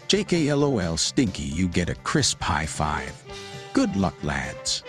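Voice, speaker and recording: A man's voice: deep voice, huge pitch swings, unhurried. A man giving a goofy, jokey intro to a quiz segment in a sing-song way, full of silly slang. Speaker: show segment announcer. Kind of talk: hyped comic intro. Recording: music playing behind.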